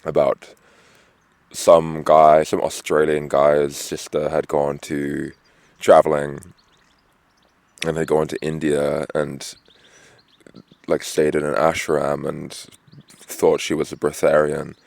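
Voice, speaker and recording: A man's voice: rumbling low, completely flat delivery, slow pace, creaky, long pauses, a little mellow, no room sound. A tired, dehydrated man rambling outdoors at a roadside camp, full of fillers and swearing. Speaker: vlogger on a long walk. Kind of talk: rambling casual monologue.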